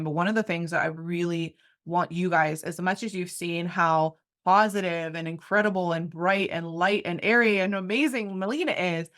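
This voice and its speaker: Woman, 30s, interview host, lowish voice, effusive, gushing, filler-heavy. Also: fairly bright tone. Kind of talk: heartfelt conversational interview.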